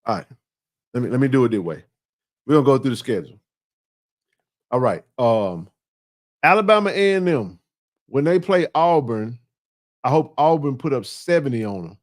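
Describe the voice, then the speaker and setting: A man's voice: mid-range voice, big pitch swings, normal speed, pauses often, dry recording, studio quality. A man hosting a casual sports chat, talking emphatically and repeating himself in playful trash talk.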